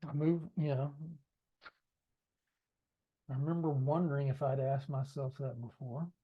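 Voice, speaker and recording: A medium-pitched, slightly rough male voice, unhurried and fairly even, comes through dull audio. The man narrates his own book in a chatty way, adding ad-libbed asides and talking directly to listeners.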